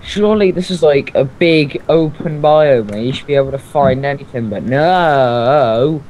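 A young man co-hosting a let's play, excitable and quick to swear. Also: medium pitch. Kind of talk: casual gaming chat. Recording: slightly dull lo-fi mic with faint noise.

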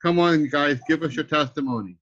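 A man's voice: on the high side, fairly quick, fairly bright tone. A man hosting an online training call, giving an upbeat motivational talk to the group and calling them guys. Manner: upbeat, addresses listeners as guys. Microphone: video call. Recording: dull lo-fi call audio.

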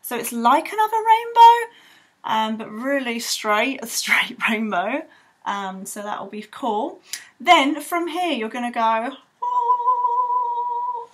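Bubbly breathy woman teaching drawing. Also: on the high side, sing-song, unhurried. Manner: bubbly, rambling, playful sound effects. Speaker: art tutor. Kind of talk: drawing tutorial for children.

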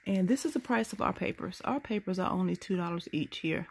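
A woman's voice: fairly low pitch, animated, fairly quick, creaky, breathy edge. A sleepy woman, rambling through a casual late-night vlog into a handheld phone. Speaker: couponing vlogger.

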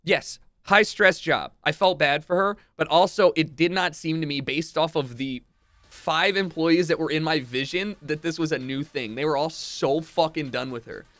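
A man streamer telling a long story casually, swearing often and acting out what people said with big jumps in pitch. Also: normal speed, no room sound. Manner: animated, profane, acts out quotes with big pitch jumps.

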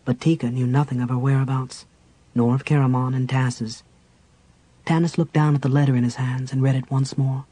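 A man narrating a fantasy novel as an audiobook with even storytelling delivery. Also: mid-range voice, brisk, low-quality recording.

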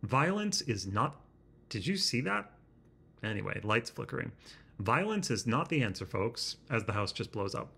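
A man talking to his laptop camera in a house, halting and self-deprecating, searching for his words, with a slightly constricted sound in his throat. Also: on the low side, big pitch swings, gravelly, pushed and bright, husky. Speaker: vlogger. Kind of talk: rambling self-conscious vlog. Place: indoors in a house. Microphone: laptop webcam.

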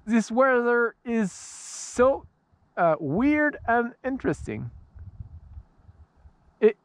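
A man with a French accent, chatting casually as he flies a glider outdoors in the snow, laughing often and restarting his sentences. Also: on the high side. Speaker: RC glider pilot and vlogger. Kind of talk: casual running commentary while flying. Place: outdoors on a snowy, freezing field.

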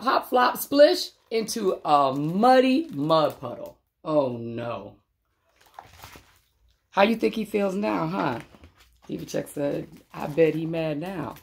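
Woman, storybook reader, playful chatty asides, slow delivery, lively pitch, fairly low voice. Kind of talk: reading a picture book aloud with asides.

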